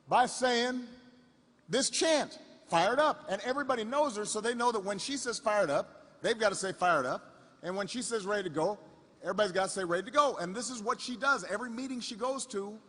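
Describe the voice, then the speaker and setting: A man's voice: extremely high pitch, pushed and bright. Man telling a story, echoing hall. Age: 50s. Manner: halting, repeats words and phrases for effect. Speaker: politician at a rally. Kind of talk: storytelling campaign speech. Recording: long reverb of a large hall.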